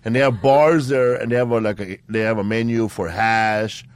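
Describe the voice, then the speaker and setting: A man's voice: fairly low pitch, steady tone, normal speed. A man hosting a podcast in casual chat, rambling with repeated words and lots of "bro" and "man". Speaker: podcast host.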